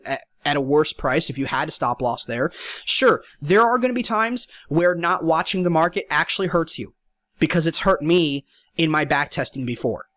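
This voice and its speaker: A young man hosting a podcast, giving casual, repetitive advice in a relaxed solo monologue. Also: fairly high pitch, dry recording. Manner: informal, advice-giving, repeats points. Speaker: podcast host.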